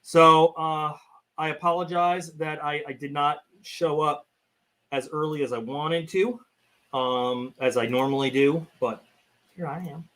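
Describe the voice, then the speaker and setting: Male streamer host, slightly high voice, casual rambling chat, desk mic. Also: fairly even intonation, measured pace, fairly bright tone. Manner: chatty, rambling, talks to his cat. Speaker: channel host.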